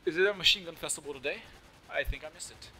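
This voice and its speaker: A young man with a slight lisp giving casual, joking live commentary over his own shooter gameplay, swearing often and yelling at other players. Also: on the high side, fast, slightly rough. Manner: joking, swears often, yells at opponents and teammates.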